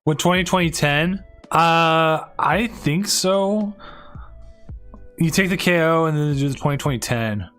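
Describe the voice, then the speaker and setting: A man with a slightly high voice casts a live tournament stream in loose, rambling talk. He restarts sentences often and leans on fillers. Faint music plays under him. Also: a little slow, fairly bright tone. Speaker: tournament stream host and caster. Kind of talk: casual live-stream commentary.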